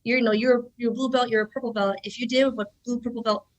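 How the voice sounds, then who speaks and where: A woman in her thirties, a jiu-jitsu black belt and instructor, talking casually on a podcast in a chatty, animated way full of filler words. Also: fairly high pitch, fast talker, low-quality recording. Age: 30s.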